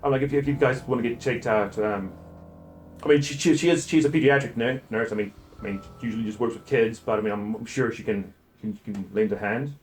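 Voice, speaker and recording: A man's voice: medium pitch, steady tone, slight background noise, lightly acted. A man voicing a friendly, weary male police sergeant who hedges and stumbles over his words. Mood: reassuring. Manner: halting, hedging, full of "I mean".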